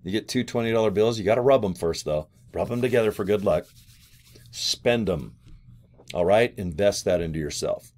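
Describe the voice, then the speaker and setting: A man vlogging a loose, chummy sales pitch, talking straight to viewers about joining as an affiliate. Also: darkish tone. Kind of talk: casual pitch to camera.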